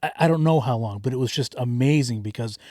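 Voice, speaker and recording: A man hosting a casual chat, asking prodding questions and telling stories in an animated way. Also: mid-range voice, fast, no room sound, clean studio sound. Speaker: host.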